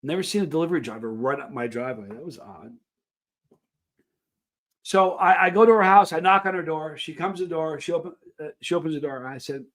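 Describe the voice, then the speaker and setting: A man's voice: on the high side, a little fast, a bit bright. A middle-aged man hosting a live stream, telling long personal stories in a casual, rambling way with frequent restarts. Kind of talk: casual storytelling to a live chat.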